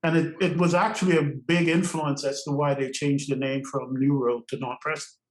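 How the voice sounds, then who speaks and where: An older man from Trinidad, a podcast guest, telling stories in an animated way and laughing often between phrases. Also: fairly high pitch, normal speed, roomy sound, rough recording. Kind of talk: storytelling interview.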